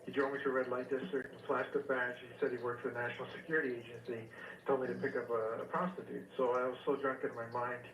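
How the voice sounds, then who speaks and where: A male caller from Canada, telling his story hesitantly and filling pauses with many ums and uhs. His pitch stays flat and even. The line sounds echoey and distant. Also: dull audio. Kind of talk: phone-in storytelling. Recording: echoey, distant radio call.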